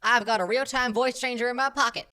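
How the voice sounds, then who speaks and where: A woman's voice: on the high side, steady tone, fast talker, sharp tone. A woman voicing a rambling, overdramatic male German film director in a comedy podcast sketch. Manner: overdramatic, long-winded storyteller.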